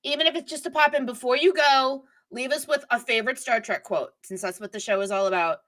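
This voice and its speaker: A woman's voice: sits high, fairly quick, a bit bright. A middle-aged woman hosting a live stream, chatting casually and digressively while reading viewer comments.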